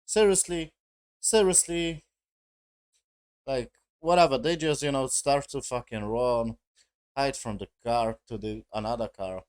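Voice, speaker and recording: A man's voice: medium pitch, unhurried, a little mellow. A man giving a casual spoken review, rambling with heavy swearing and broken grammar. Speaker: show reviewer.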